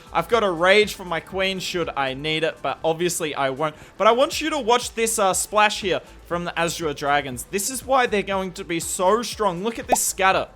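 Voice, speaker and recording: A man's voice: high-pitched, a bit bright. A man with an Australian accent giving enthusiastic, explanatory commentary over strategy gameplay footage. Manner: enthusiastic, explanatory, self-deprecating. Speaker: gaming commentator.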